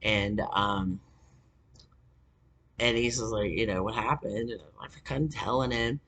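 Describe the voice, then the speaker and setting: A man's voice: lowish voice, measured pace, a bit bright. A man telling a story in a rambling, casual way, full of fillers, restarts and swearing.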